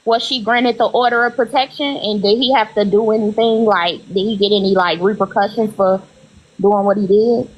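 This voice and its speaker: A woman on a live-stream panel, talking in an animated, teasing way. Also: medium pitch, highs cut off. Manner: animated, teasing, quick to laugh. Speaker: panel co-host. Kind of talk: casual live-stream chat.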